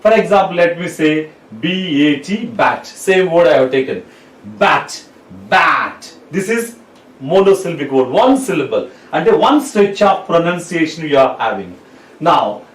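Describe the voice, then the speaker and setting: A man teaching a lesson, spelling words out letter by letter and repeating them. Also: on the high side. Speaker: English teacher. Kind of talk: classroom lecture. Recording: roomy, mic at a distance.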